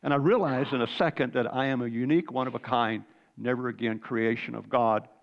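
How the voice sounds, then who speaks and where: An older man in his sixties recounts a spiritual testimony with earnest fervor. He often clears his throat and repeats himself. His voice has a gravelly edge, and the recording sounds muffled and lo-fi. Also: medium pitch, fairly even intonation, a little fast. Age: 60s. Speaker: Christian speaker sharing a testimony.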